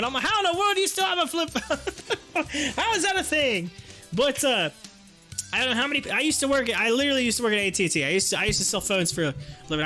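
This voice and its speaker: A high-pitched, bright and forceful male voice chatting loosely to his live stream audience. He is animated and chuckles between thoughts, with faint music running behind him. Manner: animated, laughs often, drawls on his words. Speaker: livestream host. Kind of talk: casual livestream chat reading viewer comments.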